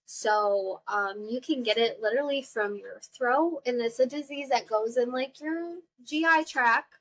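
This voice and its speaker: A young woman hosting a podcast, telling a personal story in a chatty, animated way, acting out the people she quotes and laughing often. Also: fairly high pitch, a little slow, low-quality recording. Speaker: podcast host. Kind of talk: casual storytelling monologue.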